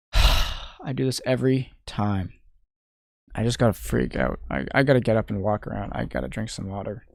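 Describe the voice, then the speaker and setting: A young Canadian man streams his day trading live, thinking aloud, muttering in frustration and swearing now and then. His voice sits on the low side with vocal fry, a moderate pace and long pauses, captured in clean studio sound with no echo.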